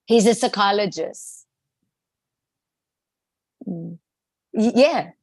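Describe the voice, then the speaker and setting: A middle-aged woman chatting casually in a group, animated and laughing, with many restarts. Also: medium pitch, drawn-out words, no room sound. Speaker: group participant. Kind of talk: casual chat.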